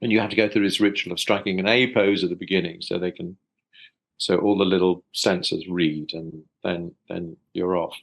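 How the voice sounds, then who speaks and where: A man's voice: low voice, steady tone, moderate pace, gravelly, breathy edge, low-quality recording. A man from South London, a voice actor guest, chatting thoughtfully in an interview over a video call with many small restarts. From South London, England. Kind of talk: casual interview chat.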